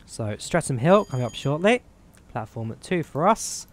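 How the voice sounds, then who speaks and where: A man's voice: a little high, very animated, moderate pace. Chatty man with a Midlands-tinged accent. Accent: Midlands English mixed with Eastern European. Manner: chatty, rambling, self-deprecating. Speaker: streamer. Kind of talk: casual gameplay commentary.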